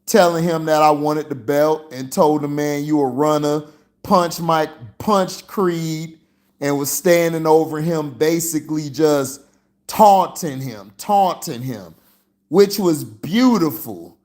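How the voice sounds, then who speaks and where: Slow, slangy man reviewing a movie. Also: fairly high pitch, darkish tone. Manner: rambling and slangy, full of "you know" fillers. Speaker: movie reviewer and channel host. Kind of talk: casual livestream movie review.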